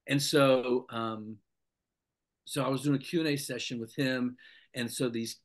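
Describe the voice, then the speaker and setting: A middle-aged man spins stories in a relaxed interview. His voice sits at an ordinary pitch for a man, and he jumps into the voices of the people he quotes. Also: a little slow. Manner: animated anecdote-telling, acts out the people he quotes. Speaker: guest, former TV sports anchor. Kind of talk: casual storytelling in a podcast interview.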